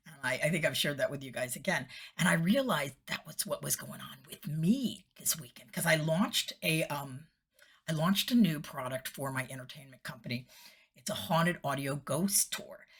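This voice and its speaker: A middle-aged woman who used to host TV chats casually in her personal vlog, laughing often and slipping into whispery voices when she quotes someone. Her low-pitched voice has a fairly bright tone with a breathy edge, at normal speed.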